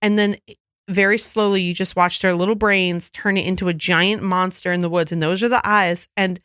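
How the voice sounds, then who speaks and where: A woman co-hosting a casual podcast chat, telling stories with lively acted-out quotes. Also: lowish voice, normal speed, clear, resonant tone, no echo, studio quality. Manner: animated storyteller who acts out quoted voices. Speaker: podcast co-host.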